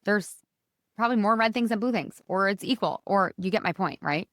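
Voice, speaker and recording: Brisk and fairly bright, this woman hosts an upbeat motivational podcast, speaking casually with plenty of energy and a swinging pitch. She often drops in "you guys" to address her listeners. The recording is clean studio sound with no echo.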